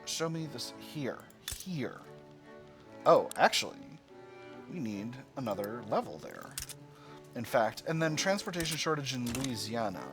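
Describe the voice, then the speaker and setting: A man talks through his moves in a strategy game, thinking aloud in a relaxed, chatty way. His pitch swings widely, jumping into playful high squeals when something pleases him. Game music plays clearly behind him. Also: moderate pace. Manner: musing, playful asides, sudden high squeals of delight. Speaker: strategy game let's-player. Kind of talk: casual gameplay commentary.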